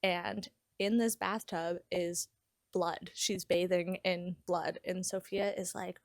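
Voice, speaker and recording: A woman's voice: lowish voice, takes it slowly, dry recording, studio quality. A young woman vlogger casually recapping a novel's plot, chatty and full of "like" as she retells scenes. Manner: chatty, heavy use of "like", lively retelling. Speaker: book vlogger.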